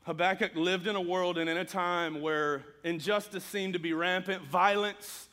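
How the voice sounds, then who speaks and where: Bright-voiced preacher in a reverberant hall. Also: male voice, high-pitched, steady tone, moderate pace. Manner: earnest preaching, rising to emphatic scripture reading. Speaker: pastor. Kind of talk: sermon.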